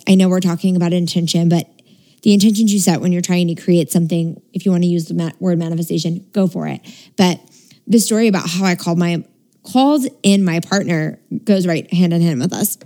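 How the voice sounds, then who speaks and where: A woman's voice: lowish voice, dark tone. A young adult woman, a spiritual coach, talking casually about setting intentions, chatty with frequent laughs and casual swearing.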